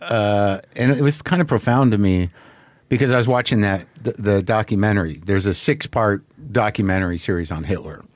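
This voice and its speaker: A man's voice: lowish voice, a little fast, no echo. A man hosting a casual interview, rambling with lots of restarts and swearing. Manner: rambling, frequent restarts, profane. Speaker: podcast host.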